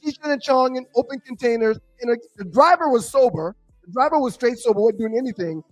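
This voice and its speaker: A man co-hosting a talk show, telling stories with halting restarts. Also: very high-pitched, no room sound, soft background music. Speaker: co-host. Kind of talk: casual storytelling chat.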